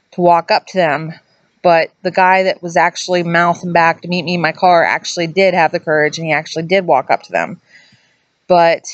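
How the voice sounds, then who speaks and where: A woman's voice: on the low side, no echo, highs cut off. A woman vlogger casually telling a ghost story, chatty and rambling, often correcting herself mid-sentence.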